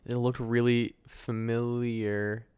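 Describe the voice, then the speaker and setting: A man's voice: medium pitch, little pitch movement, takes it slowly, a little mellow, clear, resonant tone, no room sound. A man co-hosting a podcast in casual chat, giving dry, wry reactions. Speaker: podcast co-host.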